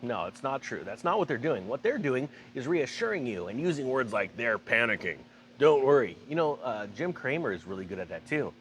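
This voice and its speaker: A man's voice: mid-range voice, sing-song, fairly quick, few pauses, slight background noise. A man hosting a finance commentary vlog, talking emphatically and sarcastically with rambling asides. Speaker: finance channel host.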